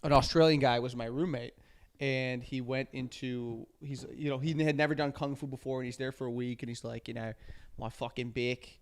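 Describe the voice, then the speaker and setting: A man's voice: medium pitch, steady tone, brisk. A man co-hosting a podcast, telling rambling stories in casual comedic chat and swearing freely. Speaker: podcast co-host.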